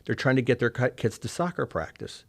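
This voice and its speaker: A middle-aged man from Oklahoma telling a candid personal story, soft-spoken and reflective, often trailing off quietly. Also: medium pitch, sing-song, a little fast, creaky. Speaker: interview guest.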